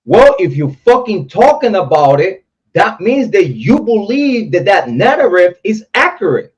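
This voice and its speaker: Very animated and unhurried, a high-voiced man hosts a casual stream, speaking straight to chat, reading comments, and ranting about other creators. It's captured in dull, lo-fi stream audio.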